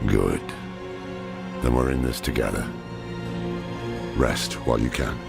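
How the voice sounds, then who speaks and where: A gravelly old druid mentor. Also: male voice, a bass voice, heavily acted. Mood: grim. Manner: grave, measured delivery. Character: gruff weary older male druid mentor. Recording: game dialogue under loud music.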